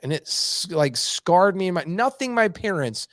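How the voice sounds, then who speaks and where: A middle-aged man telling blunt, animated stories as a podcast guest. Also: sits high, normal speed, dry recording, studio quality. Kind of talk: casual podcast conversation.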